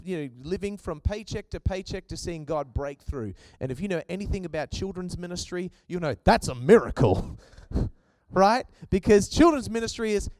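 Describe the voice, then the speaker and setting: A male pastor preaches with passion in a high, bright-edged voice. His delivery rises and falls as he drives each point home. The sound is dry and close, with no room echo. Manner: passionate preaching, voice rising and falling. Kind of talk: sermon. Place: church.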